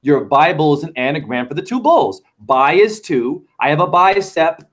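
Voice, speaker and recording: A man's voice: fairly high pitch, big pitch swings, moderate pace. A man talking as a show guest in a rambling, fervent monologue full of wordplay. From United States. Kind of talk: casual chat.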